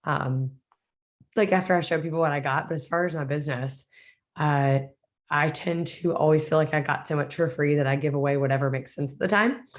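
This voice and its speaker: A woman's voice: sits low, a little fast. A woman chatting casually on a group business call, rambling and joking. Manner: chatty, rambling, uses y'all.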